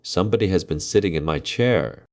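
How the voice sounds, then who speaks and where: A man voicing a middle-sized bear from a storybook in a plain, even voice. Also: low voice, brisk. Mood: puzzled.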